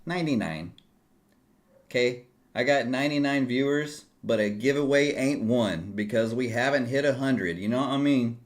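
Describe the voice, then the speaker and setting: A middle-aged man chatting casually on a livestream, rambling and jokey as he talks straight to his viewers. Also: mid-range voice. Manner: self-deprecating, jokey. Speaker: livestreaming futures trader.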